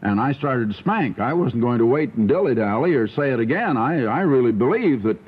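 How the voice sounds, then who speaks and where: A man's voice: mid-range voice, fairly quick, husky. An older man preaching a radio sermon, telling folksy stories from his own family life. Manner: folksy storytelling preaching, animated. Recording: tinny old radio broadcast.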